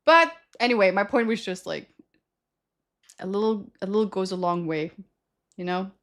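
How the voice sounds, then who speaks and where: A woman's voice: mid-range voice, moderate pace, fairly bright tone. A young adult woman livestreamer telling stories to her chat in a rambling, slangy way, often correcting herself mid-sentence. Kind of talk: casual storytelling to stream chat.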